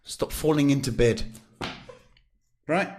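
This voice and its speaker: A man's voice: medium pitch, takes it slowly, darkish tone, slight background noise. A man with a South African accent, a psychic tarot reader giving chatty live-stream advice to viewers and calling them sweetheart.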